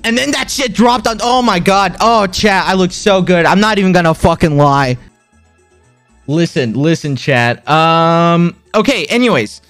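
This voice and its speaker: Chatting to his viewers on stream, a young man in his twenties excitedly retells a story with lots of repetition and pitch swings. He speaks at a measured pace on a dry recording, with soft music in the background.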